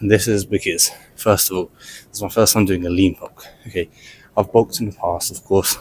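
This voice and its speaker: Slightly breathless low-voiced man. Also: fairly even intonation, moderate pace, a little hiss or hum. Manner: rambling, with many fillers. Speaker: fitness vlogger. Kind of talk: casual gym vlog talk to camera. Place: gym, on a treadmill.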